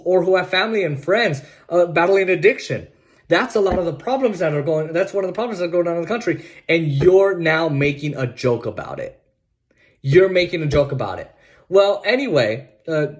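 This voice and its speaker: A man hosting a podcast of political commentary, sarcastic and emphatic, often repeating himself and restarting sentences. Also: a little high. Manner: sarcastic and mocking, laughs at his own points. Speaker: podcast host.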